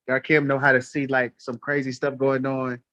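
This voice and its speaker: A man's voice: medium pitch, sharp tone, no room sound, lo-fi sound. A man telling a story in casual talk on a live stream, blunt, heated and profane. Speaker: livestream guest.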